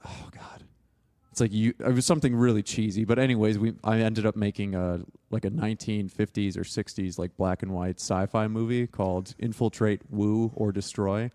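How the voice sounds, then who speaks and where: A man's voice: lowish voice, fairly even intonation, normal speed, dark tone. Rambling young man, lots of "like". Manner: rambling, heavy use of "like", laughs often. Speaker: podcast guest, film student. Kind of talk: casual interview chat.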